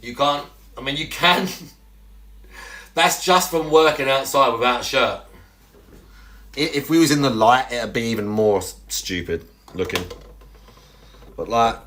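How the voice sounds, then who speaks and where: A man's voice: mid-range voice, animated, unhurried, pauses often, fairly bright tone, slight background noise. A young man chatting casually on a livestream, rambling and crude, with lots of restarts and self-mocking asides.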